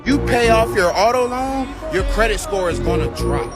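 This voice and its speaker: A man with a somewhat high voice delivers a blunt, cynical vlog rant. Loud music plays behind him. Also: expressive, normal speed.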